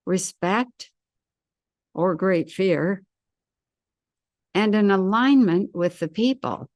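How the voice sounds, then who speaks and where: A woman giving a solo commentary as an intuitive commentator, measured and deliberate, with firm opinions. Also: mid-range voice, no room sound, studio quality.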